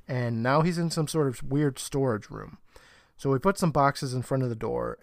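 A man's voice: medium pitch, no room sound. A man co-hosting a podcast, casually retelling a TV episode and acting out the characters' lines with bursts of laughter. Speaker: podcast co-host. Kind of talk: casual recap chat.

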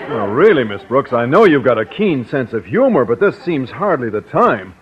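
An actor playing a bashful, formal schoolteacher in a 1940s radio sitcom, talking stiffly and stammering when flustered. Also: male voice, medium pitch, very animated, normal speed, breathy edge, a faint crowd. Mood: earnest. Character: bashful, stuffy male science teacher. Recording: dull old radio broadcast, audience laughter.

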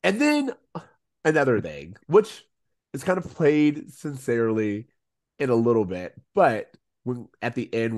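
Animated man chatting on a podcast. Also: lowish voice. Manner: animated, acts out quoted lines in character voices. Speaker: podcast co-host. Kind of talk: casual rewatch podcast chat.

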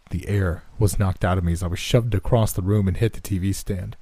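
A man narrating a first-person horror story in a steady, measured, subdued way. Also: low voice, slightly rough.

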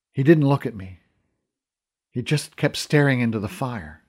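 A man narrating a novel for a podcast. His pitch rises and falls in an animated way, and the reading is clear and steady. He tells the story in a warm-paced, attentive first-person voice. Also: moderate pace. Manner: storytelling, with lively, expressive pitch. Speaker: author and narrator. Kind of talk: scripted audiobook narration.

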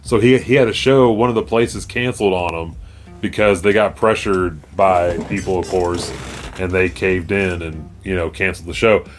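A man hosting a podcast, chatting casually and rambling while high, losing his train of thought. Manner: rambling, laid-back, trails off. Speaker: podcast host. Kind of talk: casual stoned chat. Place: indoor room with cartoons playing. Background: faint music from cartoons.

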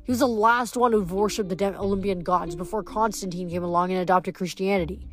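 A gruff, blunt young male demigod who grumbles at his friends, as a woman reads him aloud. Faint music sits behind the storybook reading. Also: medium pitch, fairly even intonation, fairly quick, lightly acted.

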